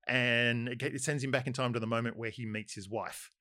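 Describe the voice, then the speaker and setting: A man's voice: mid-range voice, fairly even intonation, a little fast, sharp tone, no room sound, clean studio sound. A man with an Australian accent telling a long, rambling story, full of fillers. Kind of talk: casual chat anecdote.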